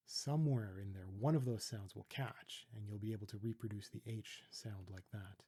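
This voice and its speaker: A Canadian man from Toronto calmly teaching letter sounds, patiently demonstrating pronunciation with a close mic. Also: on the low side, husky. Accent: Canadian English. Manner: calm, patient, deliberate demonstrating. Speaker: language teacher. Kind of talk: pronunciation tutorial.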